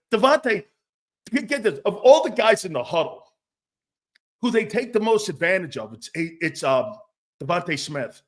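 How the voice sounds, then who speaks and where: A middle-aged man hosts a sports talk show with a fairly high voice. He talks bluntly and swears freely. He rants, reads out comments and mocks others. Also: animated, moderate pace, fairly bright tone. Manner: blunt, profane, mocking put-on voices.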